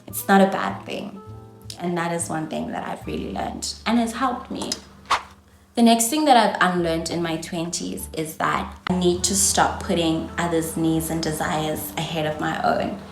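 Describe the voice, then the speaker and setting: A South African woman in her twenties gives chatty, encouraging advice to her viewers, a vlogger with a South African accent who calls them darling. Her voice sits a little low for a woman. The room is echoey, with faint music underneath. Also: expressive, moderate pace. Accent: South African English. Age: 20s. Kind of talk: casual advice talk to camera.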